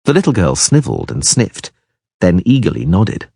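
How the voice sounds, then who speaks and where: A man reading a fantasy audiobook with an expressive, varied delivery. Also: deep voice, normal speed, creaky, husky, no echo, studio quality. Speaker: audiobook reader. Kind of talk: audiobook narration.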